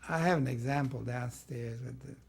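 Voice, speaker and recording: A man's voice: mid-range voice, moderate pace, gravelly, breathy edge. An older man, a longtime art teacher, reminiscing in a rambling way and often saying "see" as he explains. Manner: rambling, peppers talk with "see". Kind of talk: reminiscing interview talk.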